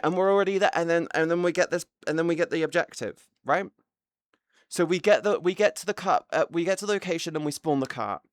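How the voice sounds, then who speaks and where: A man's voice: on the high side, quick pace, no echo, clean studio sound. A British man streaming live, ranting with a lot of swearing in a casual, exasperated way. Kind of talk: casual livestream rant.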